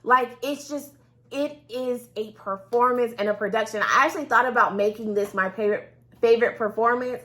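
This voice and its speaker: A woman's voice: fairly high pitch, moderate pace, fairly bright tone. A woman co-hosting a casual chat about audiobooks, enthusiastic and gushing, laughing often. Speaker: podcast co-host.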